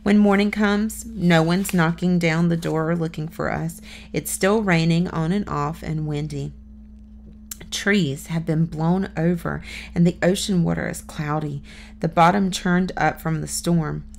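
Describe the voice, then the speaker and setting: A woman's voice: deep voice, fairly even intonation, a little slow, gravelly, a little hiss or hum. A woman reading a children's novel aloud as first-person audiobook narration, plain storytelling with small lifts for dialogue.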